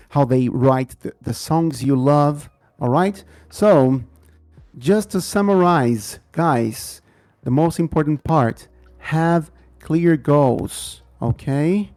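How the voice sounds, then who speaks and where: A Brazilian man who speaks Portuguese as his first language, teaching an online English class in a slow, repetitive way and often checking in with "okay?" and "right?". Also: a little high, dark tone.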